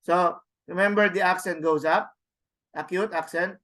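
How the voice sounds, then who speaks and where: A man lectures a Greek class over a video call, speaking slowly and haltingly with frequent restarts. His voice sits a little high for a man. He walks students through the material step by step. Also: fairly even intonation, fairly bright tone. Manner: halting, many restarts and fillers; slow, explains step by step. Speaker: Greek teacher.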